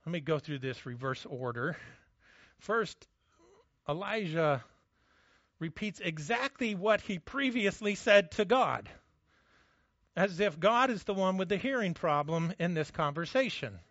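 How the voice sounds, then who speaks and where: Man, pastor, sermon, animated storytelling, higher voice, dry dull sound. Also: measured pace, long pauses, dry recording. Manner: animated storytelling, drops to a hush for quiet moments.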